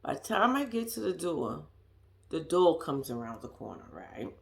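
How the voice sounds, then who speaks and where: A woman's voice: low-pitched, sing-song, normal speed, vocal fry. A woman vlogger telling a story to her viewers in casual chat, swearing freely and laughing at herself.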